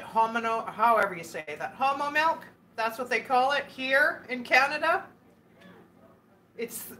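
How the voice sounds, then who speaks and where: A woman's voice: a little high, sharp tone. A woman hosting a casual live stream, chatting and giggling as she answers viewer comments. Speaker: livestream host.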